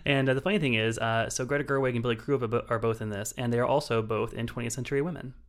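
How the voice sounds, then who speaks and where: A man's voice: medium pitch, steady tone, rapid-fire. A man co-hosting a casual film review podcast, chatty and thinking aloud with lots of fillers and restarts.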